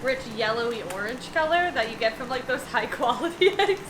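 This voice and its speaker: Chatty, giggly high-voiced woman. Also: lively intonation, brisk, background noise. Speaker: cooking channel co-host. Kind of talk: casual cooking chat. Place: home kitchen. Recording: echoey kitchen.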